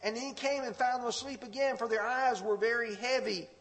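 An extremely high, steady, bright male voice reads scripture briskly in a church sanctuary, earnest and fervent, with his intensity building as he preaches. Long hall reverb surrounds the recording.

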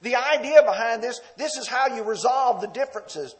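A man's voice: very high-pitched, moderate pace. A man preaching a sermon, leading listeners through texts verse by verse with emphatic, sometimes confrontational delivery.

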